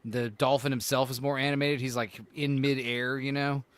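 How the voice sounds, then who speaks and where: A man's voice: medium pitch, flat delivery, normal speed, clean tone, no echo. A man co-hosting a casual podcast chat, rambling and swearing, full of "like" and "you know". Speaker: podcast co-host.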